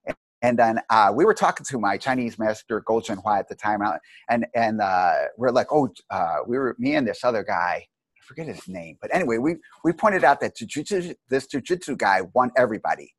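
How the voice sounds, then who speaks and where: A middle-aged man, a martial arts teacher, telling long anecdotes in a rambling, animated way with many restarts. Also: mid-range voice, a little fast, dry recording. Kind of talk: casual storytelling interview.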